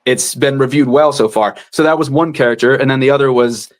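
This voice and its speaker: Male audiobook narrator, casual and animated, mid-range voice, chatty interview guest. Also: mid-range voice. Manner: animated, drops into quick character voices.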